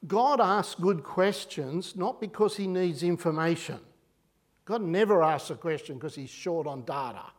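Lively and conversational, an Australian preacher works rhetorical questions throughout his sermon. He speaks a bit slowly in a somewhat high voice.

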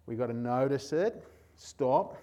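A man's voice: medium pitch, lively intonation, measured pace, warm tone. A middle-aged man preaching a sermon, earnest and emphatic, building his points through repeated lists and refrains. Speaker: pastor.

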